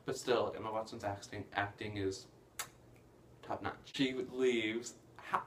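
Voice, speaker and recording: A man casually recapping a film plot, rambling with lots of fillers and bursts of excitement. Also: mid-range voice, slight background noise. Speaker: movie reviewer.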